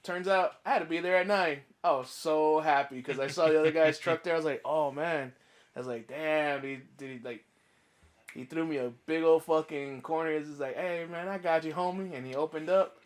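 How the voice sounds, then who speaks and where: A man co-hosting a podcast, telling a relaxed, easygoing story with some swearing. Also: a little high, fairly quick. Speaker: podcast co-host. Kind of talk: casual chat.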